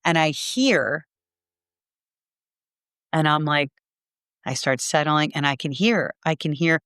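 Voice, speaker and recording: A woman's voice: deep voice, takes it slowly, fairly bright tone, clear, resonant tone, dry recording, studio quality. A middle-aged woman, a Reiki teacher and podcast guest, telling a personal story in an earnest, heartfelt way with lots of "like".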